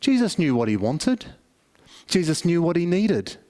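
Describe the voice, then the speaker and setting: A man's voice: fairly high pitch, sing-song, a little slow, mellow. A middle-aged man preaching a family service sermon, telling stories conversationally with many restarts. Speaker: pastor.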